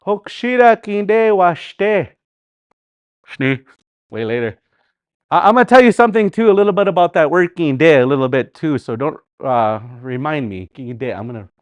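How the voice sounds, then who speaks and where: A man with a Canadian Dakota community accent, teaching a live online language class in a relaxed, conversational way, repeating example words and going off on friendly asides. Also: fairly high pitch, no room sound. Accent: Canadian Dakota community English.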